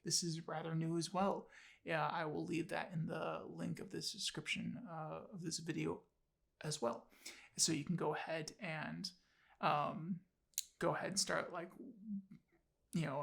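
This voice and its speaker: A man's voice: a little high, vocal fry, a bit bright. A man casually reviewing an audiobook on his channel, enthusiastic and rambling, with many fillers and restarts.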